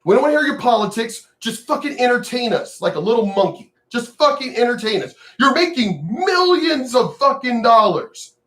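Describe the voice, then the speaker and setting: A man's voice: very high-pitched, sing-song, moderate pace, hardly any pauses, a bit bright. An older, retired man who vlogs, ranting to camera in a profane, sneering, mocking way. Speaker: vlogger. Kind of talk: angry direct-to-camera rant.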